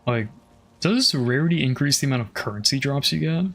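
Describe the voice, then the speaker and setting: A man's voice: mid-range voice, animated, fairly quick, a bit bright. A man casually commenting on his game as he plays, thinking aloud, swearing often and trailing off with fillers. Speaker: streamer.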